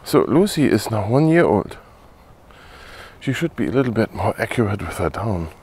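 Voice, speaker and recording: A man filming a casual dog-training vlog outdoors, giving short firm commands between relaxed asides. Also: on the low side, normal speed, husky.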